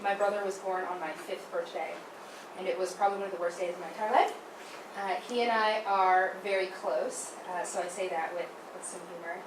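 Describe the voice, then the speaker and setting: A woman's voice: lowish voice, brisk. A young woman telling a funny childhood story about her brother's birth, acting out the big moments. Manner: animated, acts out big moments. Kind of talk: personal storytelling. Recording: roomy, distant mic, background noise.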